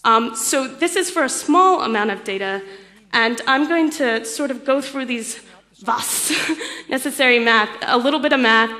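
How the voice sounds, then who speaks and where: Young woman lecturing at a conference, bright kinda high voice, explains step by step with ums. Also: expressive, a little slow. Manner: explanatory, fillers, light laughs. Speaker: conference speaker. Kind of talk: technical lecture. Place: lecture hall.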